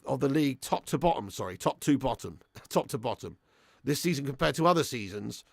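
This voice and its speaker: A man's voice: medium pitch, animated, fairly quick, creaky, no room sound, clean studio sound. A young man hosting a live match watch-along, swearing freely and reading out viewer messages. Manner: crude, swearing fan banter; reads out viewer super chats. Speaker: fan channel host.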